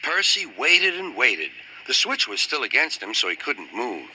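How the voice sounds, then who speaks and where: Expressive older male storybook narrator. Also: medium pitch, measured pace, a little hiss or hum, poor audio. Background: loud music.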